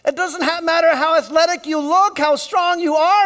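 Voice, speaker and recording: A man preaching a sermon, retelling a story and dropping his voice to a hush for emphasis. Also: very high-pitched, fairly even intonation, normal speed. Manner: storytelling with sudden drops to a hush. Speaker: pastor.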